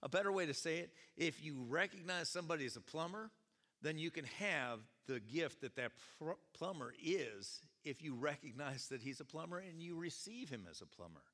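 A male pastor delivers a lively, storytelling sermon, often jumping into loud acted quotes. His voice is bright and sits a little high, with a lively pitch. A long hall reverb trails every phrase. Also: moderate pace. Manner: animated storytelling, jumps into shouted quotes. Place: church sanctuary.

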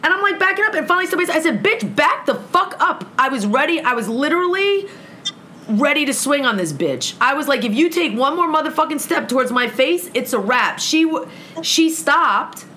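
A woman's voice: high voice, a little fast, a little hiss or hum. A woman telling a heated story in casual conversation, swearing freely and acting out both sides of an argument. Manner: profane, animated, acts out both sides of an argument.

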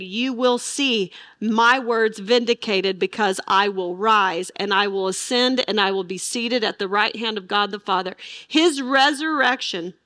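A woman's voice: on the high side, a bit bright, no echo, studio quality. A middle-aged woman teaching the Bible with emphasis, asking her listeners rhetorical questions.

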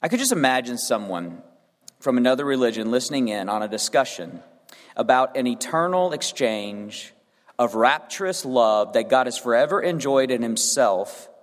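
A man preaching a sermon and reading scripture aloud, earnest and rising to emphatic peaks. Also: medium pitch. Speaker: pastor. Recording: long hall reverb.

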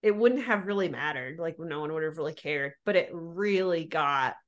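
A woman's voice: low-pitched, animated, moderate pace, muffled recording. A woman co-hosting a podcast in casual chat, rambling and restarting her sentences with frequent laughs. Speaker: podcast co-host.

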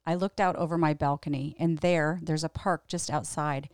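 A woman's voice: sits low, fairly even intonation, moderate pace, a little mellow, clear, resonant tone, dry recording, clean studio sound. A middle-aged woman who hosts a show and teaches the Bible, telling a personal story in a reflective, earnest and candid way. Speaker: podcast host and Bible teacher.

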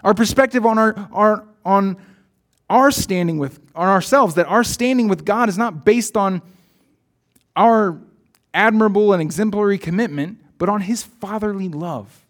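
A man's voice: sits high, normal speed. A man preaching a sermon in an earnest, reflective way, reading his own poem aloud.

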